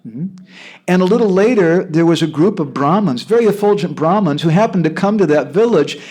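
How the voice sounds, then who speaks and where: An American man telling a devotional story in a lively way, often checking in with his listeners. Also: high-pitched, a little fast, husky. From United States. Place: devotee's home.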